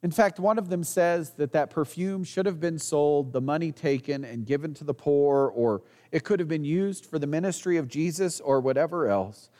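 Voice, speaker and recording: A man's voice: a little high, normal speed, few pauses, warm tone, big-room sound. A man preaching a sermon as pastor, earnest, asking the congregation rhetorical questions and sometimes restarting a phrase.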